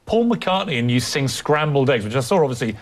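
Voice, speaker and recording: A man's voice: mid-range voice, animated, brisk. A male talk show host asking teasing, incredulous questions of his guest.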